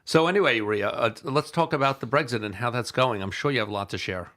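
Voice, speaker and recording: A man's voice: mid-range voice, fast, fairly bright tone. A man co-hosting a casual chat, agreeable and steering the talk to new topics. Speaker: co-host.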